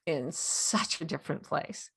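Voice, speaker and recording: A woman's voice: low voice, measured pace, gravelly, breathy edge. A woman in her sixties, a guest author, telling stories animatedly and laughing often. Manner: animated storyteller, acts out quotes, laughs often. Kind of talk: storytelling interview.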